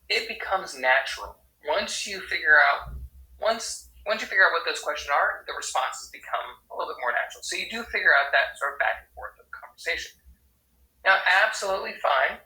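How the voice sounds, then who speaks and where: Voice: medium pitch, sharp tone, roomy sound, low-quality recording. An interpreter voicing a sign language teacher's lesson, explaining step by step and often checking in with "right?". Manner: explanatory, frequent tag questions.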